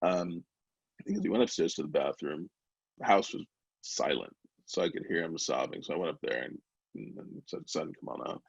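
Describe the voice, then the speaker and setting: A man's voice: very deep voice, lively intonation, normal speed, gravelly, husky, no room sound, highs cut off. A man, founder of a small company, talking candidly in an interview, open and emotional, with many fillers and restarts. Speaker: brownie company founder, guest.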